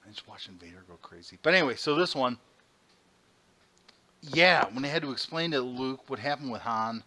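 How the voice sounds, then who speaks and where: A man co-hosting a podcast, telling animated, profane stories in casual chat. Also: mid-range voice, normal speed. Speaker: podcast co-host.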